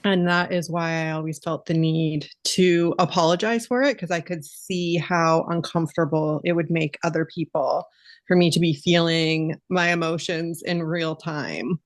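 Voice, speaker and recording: A woman's voice: low voice, steady tone, normal speed, no echo. A woman talking earnestly and openly about her feelings in a casual podcast chat.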